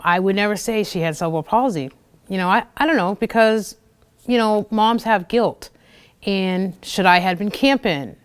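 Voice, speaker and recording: A woman in her thirties shares personal stories as host of a small local show. Her voice is smooth and clear, and she talks casually with plenty of "you know" and "like." She often acts out what others said. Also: on the low side. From United States. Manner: chatty, fillers and acted-out quotes. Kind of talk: personal storytelling talk.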